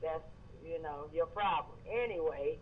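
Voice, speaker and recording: A man's voice: a little high, a little slow, narrow, tinny audio, slight background noise. A man from Georgia with a Southern accent, calling into a show and chatting in a friendly, rambling way. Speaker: caller. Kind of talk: phone-in conversation.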